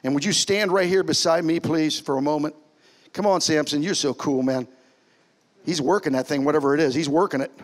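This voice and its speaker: A man preaching as a pastor in a church, animated, swinging between loud calls and soft, hushed lines. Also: on the high side, brisk. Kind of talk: sermon. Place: church sanctuary.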